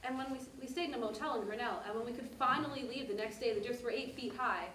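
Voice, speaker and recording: A woman's voice: fairly high pitch, quick pace, a bit bright, a little hiss or hum, close to an everyday voice. An actor on stage playing a mother who tells her daughter a detailed family story. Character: mother recalling a family trip, warm and detailed. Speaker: narrator. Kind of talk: stage monologue. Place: theater stage. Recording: echoey stage heard from a distance.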